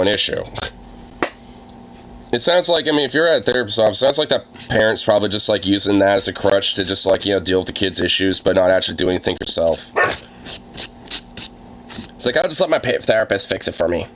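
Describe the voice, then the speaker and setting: Forceful, profane young man ranting. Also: fairly low pitch, a little fast, long pauses, a little hiss or hum. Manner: heavy fillers and swearing, exasperated. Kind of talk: casual profane rant.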